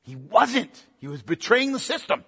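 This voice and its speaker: Male pastor, middle-aged, husky high voice, lively conversational sermon delivery. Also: moderate pace, in a large hall. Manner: animated, conversational preaching with direct questions to listeners.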